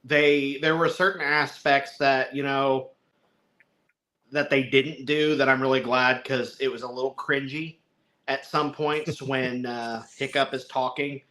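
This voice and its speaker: A podcast co-host chats casually about a film, rambling and chuckling in a bright, forceful voice at a steady tone and a slightly slow pace. He puts on little voices to act out lines, then settles back into easygoing talk at a middle pitch.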